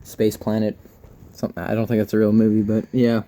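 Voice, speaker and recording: A man's voice: fairly low pitch, completely flat delivery, brisk, dark tone. A young man co-hosting a casual movie review chat, upbeat and full of fillers. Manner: chatty, upbeat, filler-heavy.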